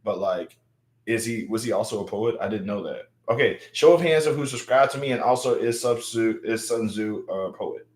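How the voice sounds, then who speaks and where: A man's voice: lowish voice, expressive, normal speed, darkish tone. A young man from Louisiana, hosting a casual livestream and hyping up viewers, repeating his words as he talks. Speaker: livestream host. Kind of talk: casual livestream chat reading viewer comments. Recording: roomy echo.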